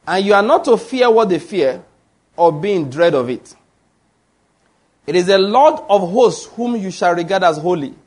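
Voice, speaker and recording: A man's voice: sits high, slightly rough. A man preaching a sermon with emphasis, often putting questions to his congregation.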